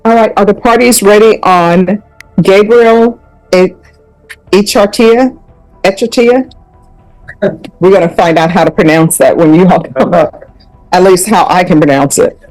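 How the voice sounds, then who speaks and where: A woman's voice: lowish voice, normal speed, a little mellow, faint music behind, poor audio. A woman judge in a courtroom, speaking in a stern, lecturing way. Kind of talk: courtroom proceedings.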